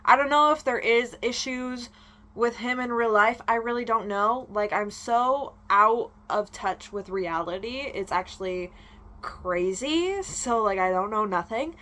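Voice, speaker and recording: A young woman vlogger ranting in casual chat, animated and swearing freely. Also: a little high, measured pace.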